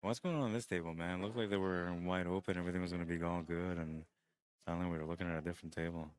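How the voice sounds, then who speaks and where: A man with a deep, just-woke-up voice, rambling and joking as he runs a pool tournament stream and calls the shots, short on sleep. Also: fairly even intonation, fast talker. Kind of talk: casual live-stream commentary.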